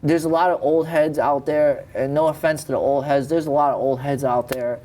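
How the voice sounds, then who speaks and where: A man's voice: a little high, fairly even intonation, a little fast, mellow. A man in his thirties from Cambridge, Massachusetts, a rapper talking candidly and a bit rambling as a guest in a TV studio interview. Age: 30s. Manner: candid, rambling, self-correcting. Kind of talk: casual interview talk.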